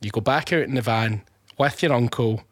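A man's voice: mid-range voice, moderate pace, dry recording. A man hosting an interview, recapping and prompting his guest's story. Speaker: host. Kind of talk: interview conversation.

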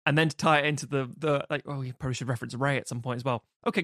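A man's voice: mid-range voice, fairly even intonation, racing, a bit bright, dry recording, clean studio sound. A man co-hosting a film podcast, chatting casually and animatedly, acting out quotes with bursts of laughter. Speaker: podcast co-host.

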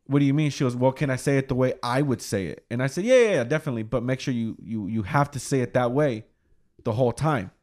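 A man's voice: medium pitch, quick pace, darkish tone. A young man hosting a casual chat, telling a rambling, chatty story with easy laughs.

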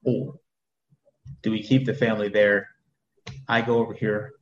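Candid low-voiced army man in his thirties, repeats himself as he talks, dull echoey room sound. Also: level tone, moderate pace. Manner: candid, repeats words while thinking. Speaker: soldier guest. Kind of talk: casual conversation.

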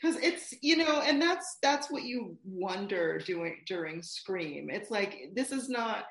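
A woman's voice: medium pitch, expressive, takes it slowly, a bit bright. Emphatic woman in an echoey room. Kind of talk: casual movie chat.

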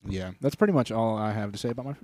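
A man's voice: fairly low pitch, racing, a little mellow, dry recording. A young man co-hosting a comedy podcast, crude, sarcastic and laid-back. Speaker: podcast co-host. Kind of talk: casual comedy podcast chat.

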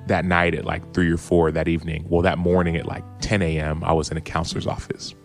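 Faint music plays behind a former football player in his thirties as he tells a reflective personal story as a podcast guest. His gravelly, low voice barely shifts in pitch, and he talks fast. Earnest and open, he keeps restarting while retelling quotes.

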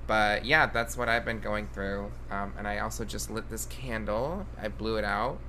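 A man's voice: lowish voice, moderate pace, sharp tone, slight background noise. A man hosting a podcast in casual chat, playful and teasing, swearing freely, talking from a small room at home over a video call. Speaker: podcast host.

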